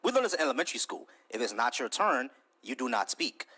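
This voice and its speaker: A man hosting a live online debate, cutting in, repeating words in quick bursts and swearing freely. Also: mid-range voice, big pitch swings, bright, forceful tone, slightly rough. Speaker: debate stream host.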